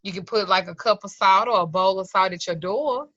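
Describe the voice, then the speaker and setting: Over dull, lo-fi video call audio, a middle-aged woman teaches an occult class, joking, swearing freely and acting out little scenes with different voices. Her voice sits at medium pitch with a fairly bright tone, and she talks fairly quickly. No room sound can be heard.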